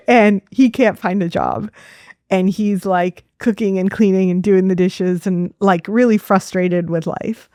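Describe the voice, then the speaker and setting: A woman, a fertility doctor, telling stories in a casual interview, lively and laughing often, with many fillers. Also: medium pitch, takes it slowly, no echo, clean studio sound. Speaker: fertility doctor as podcast guest.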